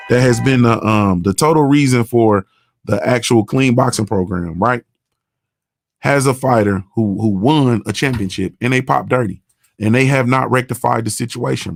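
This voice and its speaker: A man's voice: mid-range voice, creaky, slight background noise. A man, hosting a morning show and talking bluntly and profanely in a casual monologue. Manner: blunt, profane, repeats "you understand what I'm saying".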